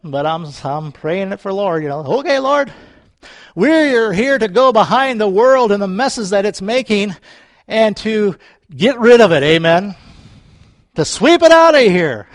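A male pastor with a notably high voice delivers a fervent, repetitive sermon and calls out to his congregation. He chuckles often and sometimes sinks into a soft, low voice. The sound is dry, with no room echo. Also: expressive, a little slow.

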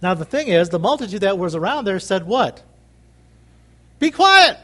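A man's voice: high-pitched, lively intonation, brisk. A man preaching a sermon, emphatic and repetitive, calling out for amens from the congregation. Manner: emphatic, repeats phrases, calls for amens.

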